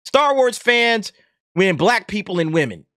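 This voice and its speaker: A man's voice: high voice, very animated, a little slow, sharp tone, no room sound, studio quality. A man hosting a commentary channel, ranting in a sarcastic, emphatic way and tagging his points with "okay?". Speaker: YouTube commentary host. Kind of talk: heated opinion rant.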